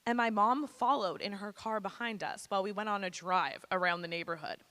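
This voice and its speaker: A woman's voice: mid-range voice, a little fast, pushed and bright. Candid woman speaker in an echoey hall. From Canada. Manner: candid, blunt and casual. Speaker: guest speaker. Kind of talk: personal testimony to students. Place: school presentation hall.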